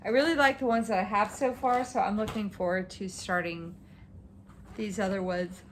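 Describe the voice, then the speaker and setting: A woman vlogger chatting casually about her stitching projects, rambling and excitable, tired and yawning at times. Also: mid-range voice, normal speed, slight background noise. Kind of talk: casual show-and-tell chat.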